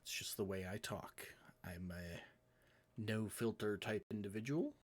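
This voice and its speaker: A man voicing a smug, blunt male cat nobleman who speaks low and smooth in a tabletop game. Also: unhurried. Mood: suave.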